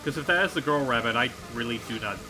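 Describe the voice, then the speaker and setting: A man streaming a kart racing game, chatting casually with an animated, rambling manner full of restarts. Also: medium pitch, fast talker, background noise. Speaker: streamer and voice actor. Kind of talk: casual chat while gaming. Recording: game music playing behind.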